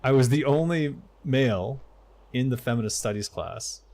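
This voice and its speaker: With lively intonation, a moderate pace, and a somewhat dark tone at medium pitch, this middle-aged man mutters to himself during a live game stream before opening up to his viewers. He is a game streamer and voice-over narrator keeping things casual.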